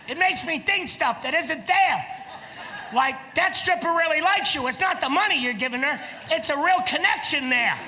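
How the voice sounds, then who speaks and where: A man doing a stand-up comedy routine, animated and shouting his punchlines. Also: extremely high pitch, normal speed, background noise. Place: large theater stage before a live audience. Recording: live hall recording with loud crowd laughter. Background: audience laughter.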